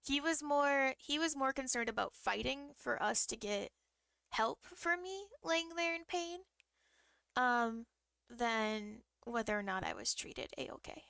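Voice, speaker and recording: A woman's voice: sits high, animated, measured pace, gravelly, a bit bright, clear, resonant tone, no room sound. A woman streamer chatting casually as she tells a personal story, with frequent ums and bursts of laughter.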